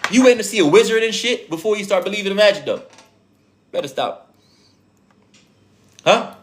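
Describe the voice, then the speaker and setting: A man's voice: high voice, lively intonation, moderate pace, fairly bright tone, a little hiss or hum. A man with an accent preaching casually to viewers as a spiritual teacher, profane and streetwise, firing off rhetorical questions. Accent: speaks with an accent.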